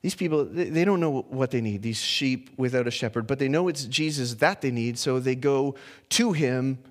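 Here a man of medium pitch and normal speed preaches casually, taking a passage verse by verse. He often says words twice while thinking and directs questions at those listening.

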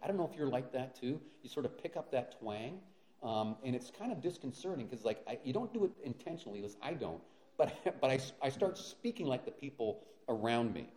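A man's voice: medium pitch, big pitch swings, fairly quick, warm tone. A male pastor preaching a sermon, earnest, with rhetorical questions and frequent fillers and restarts. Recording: roomy echo.

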